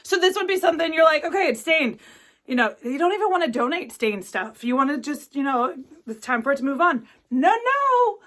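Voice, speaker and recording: A woman, chatting through an unboxing with gushing, gasping delight and halting restarts. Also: sits high, big pitch swings, a bit bright. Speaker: crafting vlogger. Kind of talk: excited unboxing chat.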